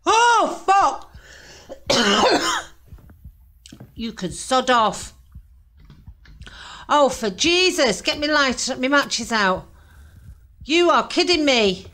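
A woman's voice: high-pitched, animated, slow pace, long pauses, pushed and bright, slight background noise. A woman giving nervous, jumpy commentary while playing a horror game, swearing and laughing at her own frights. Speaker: gaming channel host.

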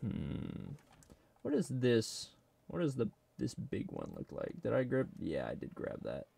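A 3D sculpting creator talks to himself in a loose, joking ramble as he works on a model. His mid-range voice has a dark tone and vocal fry, with pitch that swoops wildly, and he doesn't hurry.

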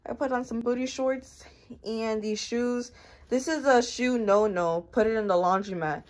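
A woman's voice: a little high, moderate pace, a little mellow. A young woman in her twenties talking through her day in a casual vlog, candid and full of slang and swearing. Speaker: vlogger.

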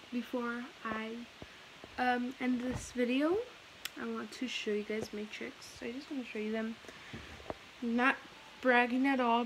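A young woman in her teens chatting casually in a vlog at home, rambling with many fillers and restarts. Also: a little high. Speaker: vlogger. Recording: noisy home recording.

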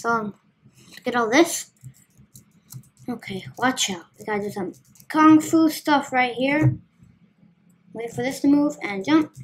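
Female gamer host, casual running commentary, playful and chatty, slightly high voice. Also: unhurried, long pauses, a little hiss or hum. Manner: chatty, playful, talks to herself while playing. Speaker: gaming video host.

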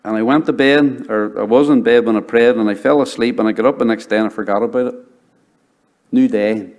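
A middle-aged male pastor preaching a sermon and telling his conversion story, dropping to a hushed voice when he quotes people. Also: mid-range voice, fairly even intonation, brisk. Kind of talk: sermon with personal testimony.

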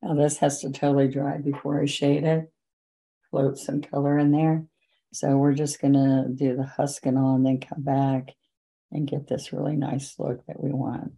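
A woman leads a relaxed painting demonstration, talking the viewer through each stroke in a chatty, gentle way. Her voice is low, dark and gravelly, and she takes her time. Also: normal speed, poor audio. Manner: chatty, gentle step-by-step guidance. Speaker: painting instructor.

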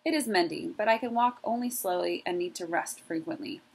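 A woman's voice: on the low side, brisk, vocal fry, husky, poor audio. A woman voicing an elderly male white mouse who is frail and courteous, speaking in a raised, formal, polite voice. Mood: cordial.

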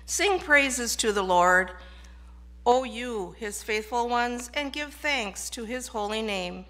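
Woman, lay reader, church scripture reading, slow and measured, bright tone. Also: on the high side, vocal fry. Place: church sanctuary.

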